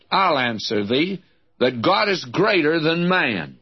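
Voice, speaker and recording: Slow, husky-voiced Bible teacher. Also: male voice, on the high side, sing-song. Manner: measured, folksy, emphatic scripture reading. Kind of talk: expository sermon. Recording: muffled lo-fi radio recording.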